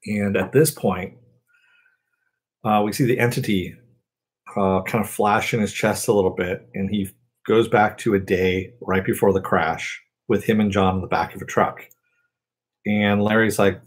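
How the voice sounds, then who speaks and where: A man's voice: lowish voice, steady tone, slow, pauses often, slightly rough. A man casually recapping a TV episode as a review host, rambling along with lots of fillers. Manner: rambling, filler-heavy retelling.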